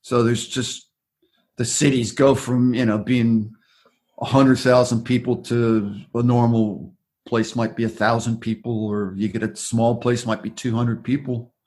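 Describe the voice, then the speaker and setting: A man's voice: mid-range voice, level tone, measured pace, darkish tone. An Australian man talking loosely in a casual interview, rambling through stories with frequent restarts. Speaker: interview guest, former aerial survey worker.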